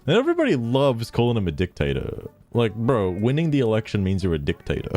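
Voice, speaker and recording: A man streams casual commentary, reading posts aloud with sarcastic, laughing asides. His voice sits low but swings widely in pitch. Faint music plays quietly behind him. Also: wildly swooping pitch, quick pace.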